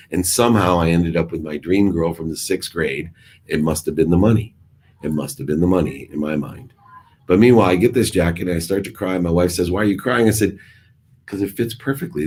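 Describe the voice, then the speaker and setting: A middle-aged man with a very low, husky voice tells his own life story. He talks with emphasis, rising to loud bursts and dropping into hushed asides, and plays out the exchanges he quotes. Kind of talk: personal storytelling talk.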